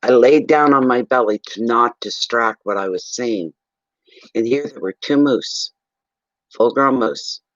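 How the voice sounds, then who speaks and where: Brief: man from eastern Canada, rambling animated storyteller, dry and slightly muffled recording. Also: mid-range voice, measured pace, no room sound. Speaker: psychic reader telling a story. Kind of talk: casual storytelling on a livestream.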